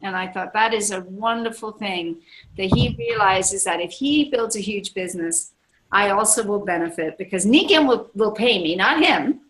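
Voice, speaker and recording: A woman's voice: mid-range voice, moderate pace, fairly bright tone, low-quality recording. A woman in her sixties gives a motivational seminar talk to a live audience as a business leader, enthusiastic and emphatic, often repeating her key phrases. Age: 60s. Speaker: network marketing leader.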